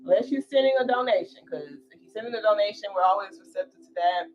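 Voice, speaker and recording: A woman's voice: medium pitch, fast, phone-quality sound, a little hiss or hum. A young woman talking casually on a tarot livestream, chatty and slangy with lots of fillers.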